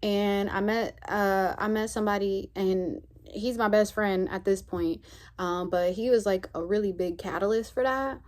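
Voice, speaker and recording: A woman's voice: medium pitch, fairly even intonation, measured pace, a little mellow. A woman vlogger talking candidly and reflectively to her viewers, in a rambling, heartfelt, conversational way. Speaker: spiritual vlogger. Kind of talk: candid reflective chat to camera.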